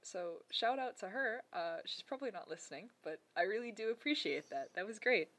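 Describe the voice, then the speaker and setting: A woman's voice: mid-range voice, lively intonation, brisk, a bit bright. A woman co-hosting a folklore podcast in casual, chatty talk with frequent laughs and rambling asides. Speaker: podcast co-host.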